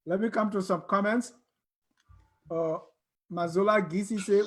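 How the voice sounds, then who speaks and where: A man's voice: sits high, fairly even intonation, measured pace, long pauses, poor audio. A male host reading viewer comments aloud, a little hesitant as he starts. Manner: hesitant, repeats words as he starts.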